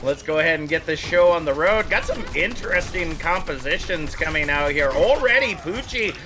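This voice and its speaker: A man casting a live online match, calling the plays quickly with many fillers and asides. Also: fairly high pitch. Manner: quick, excitable calls with frequent fillers. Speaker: esports caster. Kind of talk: live play-by-play commentary.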